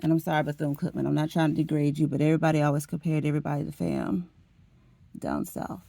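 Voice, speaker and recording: A woman's voice: low-pitched, flat delivery, quick pace, gravelly, dark tone, no room sound. A middle-aged woman from Florida, chatting to her viewers in an emotional, talkative way and calling them "honey" and "y'all". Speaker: vlogger. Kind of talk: casual chat to camera.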